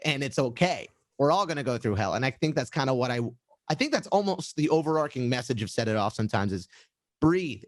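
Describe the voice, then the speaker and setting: A man in a dry, close recording, chatting loosely as a musician recalls how a song came together. He talks in a rambling, animated way, full of "like" and restarts, at a middling pitch. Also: no echo. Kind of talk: casual storytelling interview.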